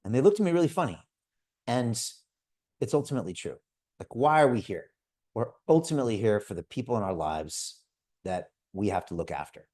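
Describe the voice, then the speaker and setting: A man in his fifties hosting a crypto investment club and giving a motivational sales pitch on a group video call. He talks in a direct, energetic way and keeps calling his listeners folks. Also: brisk.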